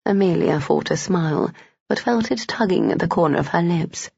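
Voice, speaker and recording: Gravelly audiobook narrator, dull lo-fi sound. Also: medium pitch, normal speed, darkish tone, no room sound. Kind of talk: scripted narration of a romance novel.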